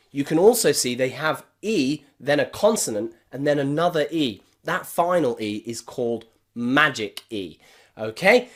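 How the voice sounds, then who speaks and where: An English pronunciation teacher giving a phonics lesson, stretching out example words slowly and checking in with a frequent "okay?". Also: medium pitch, a bit bright. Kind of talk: classroom-style phonics lesson.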